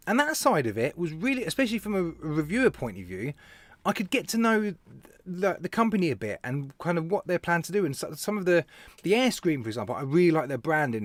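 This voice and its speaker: Slightly high-voiced, this British live show host and vape reviewer chats casually on a stream, telling animated stories, laughing and greeting viewers by name. There's no room sound.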